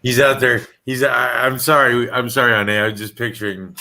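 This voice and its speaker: A man co-hosting a casual chat, easygoing and quick to laugh. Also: medium pitch, level tone, pushed and bright. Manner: easygoing, laughing, chimes in with facts.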